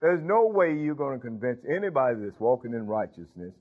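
A man's voice: medium pitch, sing-song, fairly quick. A man preaching a sermon, emphatic, with call-and-response interjections. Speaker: pastor. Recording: tinny phone-like sound.

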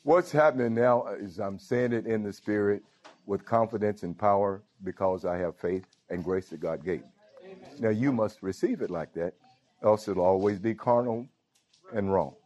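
A man's voice: lowish voice, normal speed, darkish tone. Preacher man with a muffled sound. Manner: informal preaching with frequent call-outs to the congregation. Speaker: pastor. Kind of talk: sermon. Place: church.

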